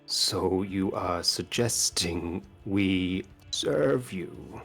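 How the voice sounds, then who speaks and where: Man doing a goatman clan leader, deep, very slow, grave, breathy half-whisper. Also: fairly bright tone, soft background music, full character voice. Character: stern male goatman clan leader, solemn and weary.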